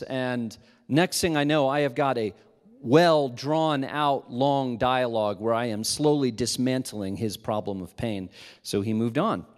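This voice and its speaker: A man preaching to a live audience, telling a self-mocking story with animation and dropping to a hushed tone when he reflects. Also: medium pitch. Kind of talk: sermon storytelling. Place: large hall with a live audience. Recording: long hall reverb.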